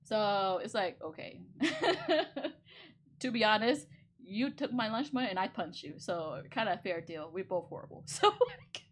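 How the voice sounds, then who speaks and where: Animated, rambling woman streamer. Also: medium pitch, normal speed. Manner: rambling, laughs often. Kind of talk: casual chat.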